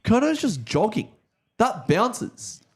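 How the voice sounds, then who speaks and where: A man's voice: high-pitched, wildly swooping pitch, takes it slowly, husky. An Australian man co-hosting a casual footy watch-along, playful and asking questions. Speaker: co-host.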